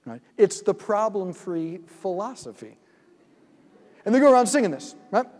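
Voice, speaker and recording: A man's voice: sits high, moderate pace, long reverb tail. A man giving a sermon, telling stories and acting out his own thoughts. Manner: animated storyteller who acts out his own thoughts. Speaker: speaker at a multi-night church event. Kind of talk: sermon with storytelling.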